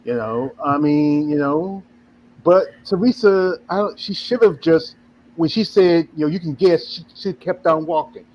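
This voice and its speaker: A man's voice: a little high, unhurried, highs cut off, a little hiss or hum. A man hosting a podcast in casual chat, rambling with constant "you know"s and blunt, profane remarks. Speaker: podcast host.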